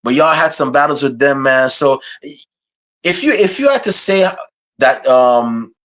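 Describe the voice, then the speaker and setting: A man hosting an interview podcast in a loose, chatty way. He is from Guyana and slips into playful bits with laughter. His voice sits at an ordinary middle pitch. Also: a little slow. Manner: animated, laughing while putting on a playful accent. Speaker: podcast host. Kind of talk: casual interview chat.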